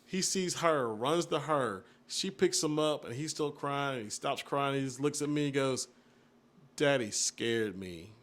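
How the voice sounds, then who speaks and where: A young man with a slightly high voice talks at a moderate pace with hardly any pauses. Co-hosting a casual podcast, he tells family stories and animatedly acts out what everyone said.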